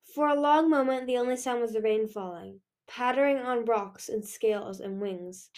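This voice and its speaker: A young woman reading a fantasy novel chapter aloud in an expressive way. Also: fairly high pitch, normal speed. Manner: expressive, lively. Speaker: reader. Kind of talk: audiobook-style reading.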